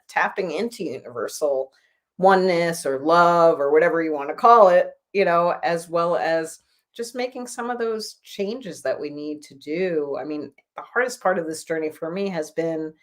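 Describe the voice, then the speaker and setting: A woman healer speaks in an interview with a slightly low voice. She sounds earnest and encouraging, and she is reflective as she talks about moving past hard times. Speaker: spiritual healer guest. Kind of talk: conversational interview.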